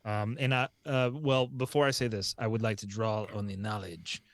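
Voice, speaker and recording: A man's voice: lowish voice, steady tone, moderate pace, no echo. A man playing a tabletop game, speaking hesitantly with stammers and fillers. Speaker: player.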